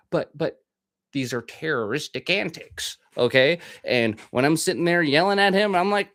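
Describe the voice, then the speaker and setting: Podcast host, male, swearing, rambling rant; slightly high voice, dry close sound. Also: animated, normal speed, a bit bright, no echo. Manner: profane, rambling, ranting. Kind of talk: casual monologue.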